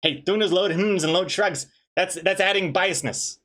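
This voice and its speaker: A man's voice: sits high, moderate pace, a bit bright. A man, a webcomic artist, chatting casually on a live stream, reading chat aloud with dry, joking banter and rambling restarts.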